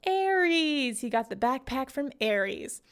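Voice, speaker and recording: A woman's voice: fairly high pitch, normal speed, a bit bright. Chatty, giggly woman podcast host. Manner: chatty, giggly, heavy use of "like". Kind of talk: casual book recap.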